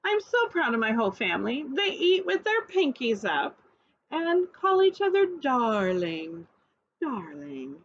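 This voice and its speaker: A woman's voice: very high voice, big pitch swings, moderate pace, dull audio. A woman preschool teacher reading a picture book aloud and coaxing children to repeat words after her.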